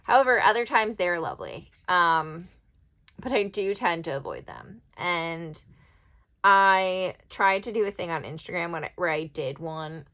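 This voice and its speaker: A woman talks her way through an oracle card spread, rambling and thinking aloud. Her voice has a gravelly, creaky edge. The chat is loose and casual. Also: fairly low pitch, lively intonation, measured pace, bright, forceful tone. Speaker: tarot and oracle card reader. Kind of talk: casual card-reading vlog.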